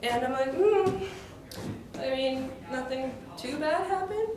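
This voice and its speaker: A woman with a fairly high voice speaks at a normal pace, casually retelling a play in character and peppering it with fillers like "like" and "you know." The room is echoey and noisy, she sits far from the mic, and music plays behind her.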